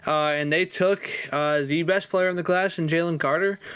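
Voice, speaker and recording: A man's voice: fairly high pitch, fairly even intonation, normal speed, fairly bright tone, clean tone. A man co-hosting a sports podcast, leading the casual chat with loose, meandering commentary. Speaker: podcast co-host.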